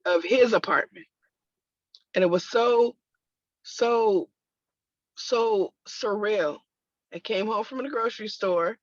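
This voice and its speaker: A woman's voice: mid-range voice, takes it slowly, long pauses, no room sound. A woman sharing a personal testimony in conversation, telling it emphatically with religious exclamations. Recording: dull lo-fi, dry sound.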